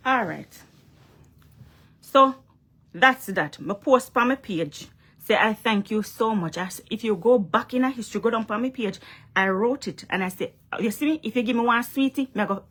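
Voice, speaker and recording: A woman's voice: medium pitch, a bit bright. A young woman with a Jamaican accent talking straight to camera in a casual vlog, emphatic and repetitive, often checking "you understand?". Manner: emphatic, repeats herself, asks "you understand?". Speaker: vlogger.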